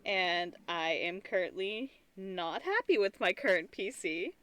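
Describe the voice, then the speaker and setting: A woman's voice: medium pitch, animated, a little slow, fairly bright tone, no echo. A tired woman streamer chatting casually and rambling, with frequent restarts and giggly asides. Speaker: streamer and artist. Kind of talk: casual live-stream chat.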